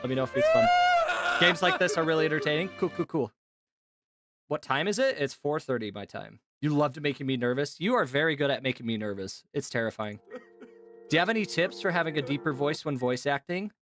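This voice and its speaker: A man streaming casually to his chat, talking in an animated, chatty way with lots of fillers and laughs. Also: fairly high pitch, brisk, soft background music. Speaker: streamer and voice actor.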